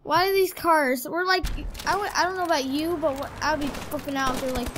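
A woman giving chatty, rambling commentary while playing a video game, breaking into excited yelps. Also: high voice, quick pace. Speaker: gaming commentator. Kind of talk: casual gameplay commentary. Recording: loud background noise.

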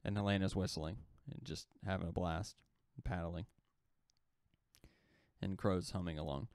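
Male podcast co-host, deep and smooth, loose rambling storyteller, close dry mic. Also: steady tone, moderate pace, a little mellow, no room sound. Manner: loose rambling retelling, heavy on "like" fillers. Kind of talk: casual storytelling.

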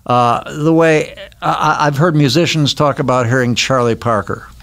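An older man from Wisconsin, a podcast guest telling anecdotes and memories in a relaxed, casual interview in a recording studio. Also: medium pitch, normal speed, gravelly. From Milwaukee, Wisconsin. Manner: reminiscing, anecdotal storyteller.

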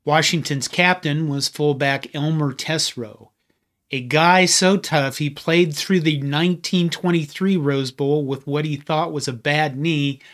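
A man's voice: a little high, fairly bright tone. A man hosting a history channel, giving a scripted narration with conversational, wry asides.

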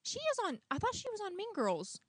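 A woman's voice: very high-pitched, wildly swooping pitch, brisk, no echo. A young woman hosting a prank-call show, chatting in a rambling, self-questioning way. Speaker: host. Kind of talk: casual chat.

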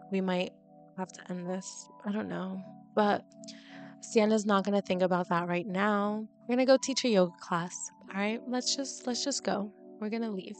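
Chatty exasperated woman narrating gameplay. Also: medium pitch. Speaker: let's play host. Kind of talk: casual gameplay commentary.

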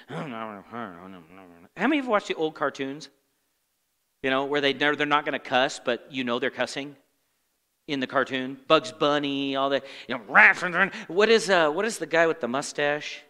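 At a normal pace, this man teaches scripture in a church sanctuary as a pastor giving a Bible study sermon, and the hall adds a long reverb. His bright, lively delivery is conversational and animated, moving from fill-in questions aimed at the congregation to quiet, grumbling impersonations of complainers.

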